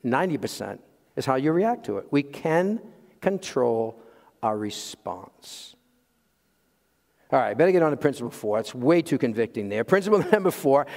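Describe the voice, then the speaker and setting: A man preaching a sermon as pastor, swinging from loud emphasis to hushed asides and chuckling at his own jokes. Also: fairly high pitch. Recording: long hall reverb.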